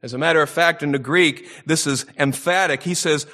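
A man's voice: fairly high pitch, steady tone, a little fast, few pauses, bright, forceful tone. A man preaching an expository sermon, reading scripture and building to emphatic, rising peaks. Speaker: pastor.

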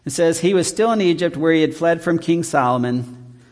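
Male Bible teacher, conversational sermon, fairly high voice, long hall reverb. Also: lively intonation, moderate pace. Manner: conversational, rhetorical questions. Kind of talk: evening Bible study sermon.

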